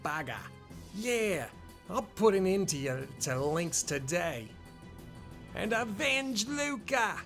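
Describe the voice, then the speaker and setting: A man voicing a fierce young female thief in an overdone, put-on Australian accent, loud and playful. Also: high-pitched, very animated, takes it slowly, soft background music, pitched above the performer's own voice, heavily acted. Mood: determined.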